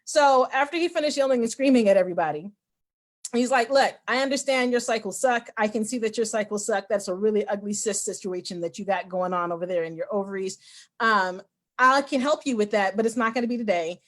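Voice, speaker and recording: A woman hosting a video call, telling a story in a chatty, animated way and acting out the dialogue of the people in it. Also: medium pitch, brisk. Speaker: meeting host.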